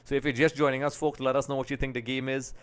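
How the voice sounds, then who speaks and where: A man's voice: medium pitch, fast, clean tone. A middle-aged man hosting a live football watch-along stream, chatting to viewers by name and reacting to the match. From Trinidad and Tobago. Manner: chatty, greets viewers by name, excitable over goals.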